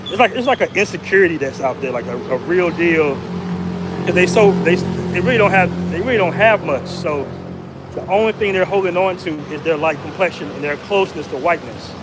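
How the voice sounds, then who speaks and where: An American man vlogs in a loose, slangy way and gets animated when he retells conversations. His voice sits a little high for a man. The recording is noisy, with street traffic clearly audible behind him. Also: a little fast. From United States. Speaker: vlogger. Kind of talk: casual vlog storytelling.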